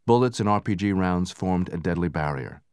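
A man narrating a book in steady, measured scripted narration, raising his voice for the soldiers' lines. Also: deep voice, smooth, dry recording, clean studio sound. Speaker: audiobook narrator.

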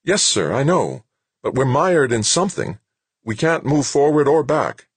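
A man's voice: medium pitch, very animated, a little slow, slightly rough, no echo, pitched above the performer's own voice. A man voicing a panicked male tractor commander, urgent and strained.

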